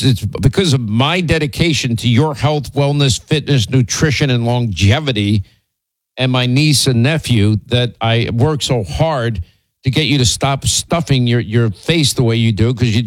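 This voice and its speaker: A man's voice: mid-range voice, normal speed, no echo, low-quality recording. A man hosting a talk show, telling rambling stories and teasing his co-host, with many restarts and fillers. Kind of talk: casual on-air storytelling.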